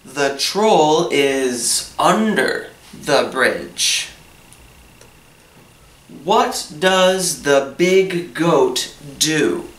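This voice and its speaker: A man's voice: on the high side, expressive, drawn-out words, a bit bright. A man teaching an English lesson, asking simple questions about a story and then answering each one in plain words. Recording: echoey room, voice from a distance.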